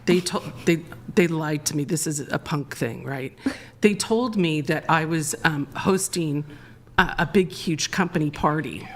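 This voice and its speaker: A woman's voice: low voice, unhurried. Woman guest rambling thru a wild story, gets worked up, keeps restarting. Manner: excitable, rambling, restarts often, laughs while telling. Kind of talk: animated storytelling on a live show.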